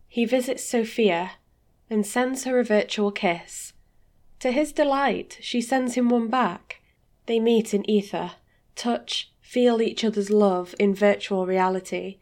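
A woman reading a dark story aloud in a slow, deliberate, dramatic way. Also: medium pitch.

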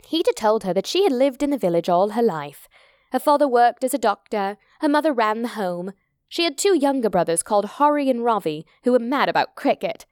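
A woman narrating a story in a measured, descriptive audiobook reading. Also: medium pitch, no echo, clean studio sound.

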